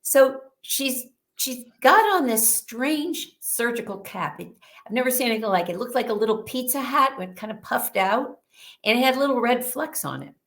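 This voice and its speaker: A woman guest, a bit under the weather, telling a vivid story in an animated way during an interview. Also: on the high side, moderate pace.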